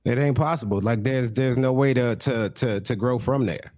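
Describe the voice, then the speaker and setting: A man's voice: medium pitch, moderate pace, no room sound. Slangy, blunt podcast co-host man. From American South. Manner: relaxed slangy talk, blunt. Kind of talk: casual chat.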